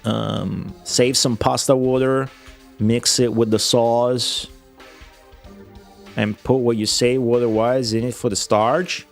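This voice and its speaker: Slow and gravelly, a streamer's mid-range voice carries a profane, blunt, excitable rant in a casual livestream chat. Faint music can be heard in the background.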